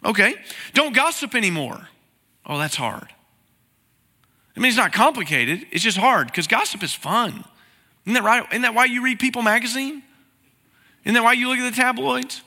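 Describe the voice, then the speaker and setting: A high-pitched man preaches a conversational sermon, peppering it with rhetorical questions. His tone is strikingly bright and sharp. The voice carries a long reverb from a large church sanctuary. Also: lively intonation, fairly quick. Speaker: pastor.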